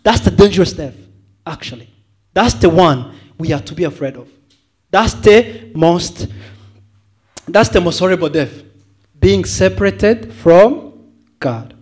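Man, evangelist, church sermon, lively swinging pitch, repeats words, rhetorical questions. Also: unhurried, long pauses, breathy edge. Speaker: evangelist preacher.

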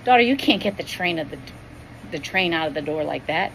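A woman gives voice to a gentle, heartbroken God the Father in a spoken devotional story. He pleads tenderly and solemnly with a lower, even voice, and a faint hiss sits under the reading. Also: a little fast, gravelly, exaggerated voice, poor audio. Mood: patient.

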